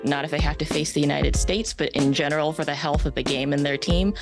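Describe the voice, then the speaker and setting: Low-voiced woman analyst, confident, clear music underneath. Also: steady tone, quick pace. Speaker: soccer analyst guest. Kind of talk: studio sports talk.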